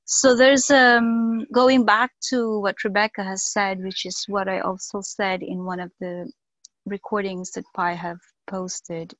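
A woman sharing personal reflections slowly on a video call, with many pauses and fillers. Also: mid-range voice, fairly even intonation, no room sound, lo-fi sound. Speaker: workshop participant sharing.

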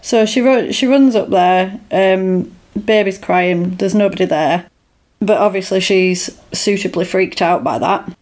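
A woman's voice: mid-range voice, a little slow, a little mellow. Chatty woman recapping a film. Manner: chatty, laughs a lot, acts out lines. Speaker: podcast co-host. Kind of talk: casual chat recapping a film.

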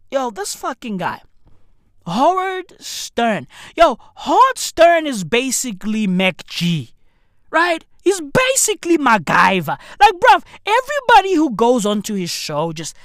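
A woman doing a profane comedy rant in a slangy street-bro manner, with shouted bursts. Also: sits high, dry recording, clean studio sound. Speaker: comedic news commentator.

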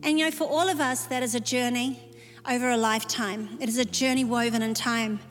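A woman's voice: fairly high pitch, steady tone, fairly quick. A woman pastor preaching a sermon to a women's gathering, emphatic and repeating key phrases. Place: large church hall. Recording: long hall reverb, soft music behind.

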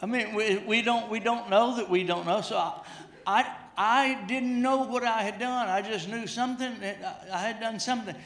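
A man's voice: high-pitched, normal speed, fairly bright tone. A middle-aged man preaching a sermon, telling a humorous personal story, often repeating his words as he goes. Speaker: pastor. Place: church sanctuary. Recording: echoey church hall.

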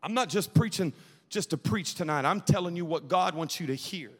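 A man's voice: high-pitched, brisk. A young man preaching a fervent youth sermon at a church service, calling on the crowd to answer back in a rhythmic preaching cadence. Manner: fervent, call-and-response with the crowd. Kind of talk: Pentecostal-style sermon. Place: church sanctuary at an evening service. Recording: long reverb of a large hall.

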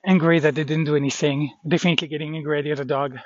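A man's voice: on the high side, fairly even intonation, racing, darkish tone, dry recording, lo-fi sound. A shaken man rambling about a dog fight, swearing under his breath and trailing off. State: shaken, adrenaline-pumped. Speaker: vlogger. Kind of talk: shaken personal vlog after a dog fight.

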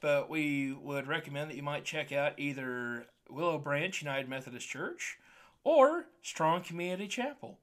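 A man's voice: high voice, a bit bright. A man, a pastor co-hosting a podcast, telling a long joke in a folksy, drawling storyteller way and then signing off. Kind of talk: casual joke telling and sign-off.

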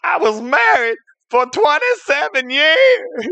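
A man's voice: a little high, lively intonation, brisk, dry recording, highs cut off. Man playing a hot-tempered host. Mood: furious. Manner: indignant rants, yelling in bursts.

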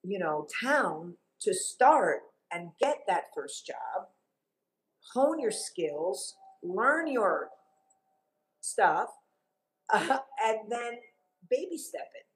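Her delivery is very slow and her pitch medium: a middle-aged Cuban TV journalist, interviewed as a guest, telling stories with vivid emphasis. The recording quality is low.

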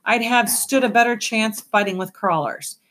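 A woman's voice: fairly high pitch, normal speed, a bit bright, a little hiss or hum, voice pushed up, lightly acted. A woman voicing a weary, cunning male giant rat who drawls his lines languidly and mockingly in an audiobook. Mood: languid mockery. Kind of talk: audiobook character voice.

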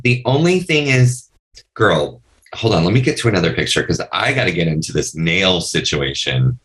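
A man's voice: low-pitched, lively intonation, normal speed, a bit bright. A man co-hosting a casual recap podcast, chatty and campy, with playful asides. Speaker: podcast co-host.

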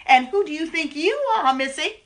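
A woman's voice: high-pitched, expressive, brisk, a bit bright. A woman voicing a touchy, indignant young woman with a brash, slangy drawl in a comedy musical parody.

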